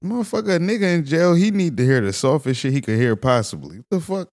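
A man's voice: fairly high pitch, very animated, quick pace, a little mellow, no room sound, studio quality. A man co-hosting a podcast in laid-back casual chat, mostly reacting with short comments. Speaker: podcast co-host.

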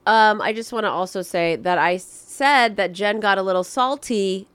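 A woman's voice: mid-range voice, normal speed, fairly bright tone, clear, resonant tone. Blunt, foul-mouthed woman podcast host. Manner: blunt, profane, opinionated. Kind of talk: casual podcast chat.

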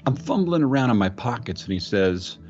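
A man dramatically retelling a ghost story, halting and repeating words, drifting into a celebrity impression with sudden high exclamations. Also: very animated, darkish tone, highs cut off, faint music behind.

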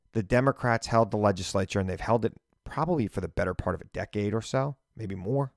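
A man's voice: lowish voice, no echo, clean studio sound. A middle-aged man with a light Long Island accent hosting a podcast, giving political commentary in a conversational, wry way. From Long Island, New York. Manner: conversational, wry, asides to listeners. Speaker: podcast host.

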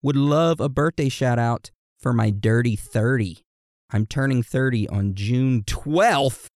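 A man co-hosting a podcast in casual chat, playfully reading out listener messages and birthday shout-outs. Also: medium pitch, slow pace, dry recording, clean studio sound. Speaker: podcast co-host.

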